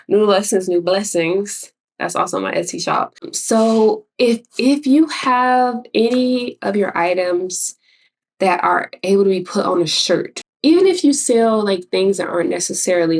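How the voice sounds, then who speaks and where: A woman's voice: mid-range voice, gravelly, distant mic. A woman from Chicago with a Chicago accent, an artist and graphic designer giving casual, rambling tips in a vlog. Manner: chatty, rambling, self-interrupting with laughs.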